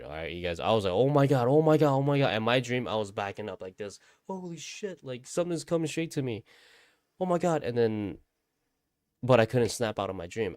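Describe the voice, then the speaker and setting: A man's voice: on the low side, smooth, dry recording, studio quality. A man casually telling a spooky story, rambling, repeating himself and swearing often. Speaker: vlogger.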